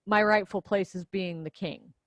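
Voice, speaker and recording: A woman's voice: mid-range voice, steady tone, moderate pace, no room sound, natural voice. A woman voicing a smug, stubborn usurping king in a casual class summary.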